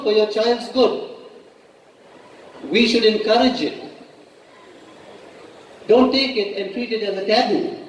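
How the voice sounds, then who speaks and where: A man's voice: high-pitched, darkish tone, slight background noise. A man, a school principal addressing parents at a meeting in a firm, emphatic way. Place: large school hall. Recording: echoey hall heard from a distance.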